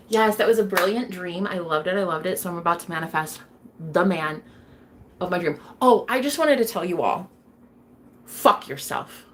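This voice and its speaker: A woman in casual livestream chat, answering her viewers by name. Her talk is loose and blunt, full of swearing and bursts of laughter. Her voice sits at an ordinary middle pitch, with a faint hiss of noise behind it. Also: a bit bright. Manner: chatty and blunt, swears freely and laughs often. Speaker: streamer reading viewer comments.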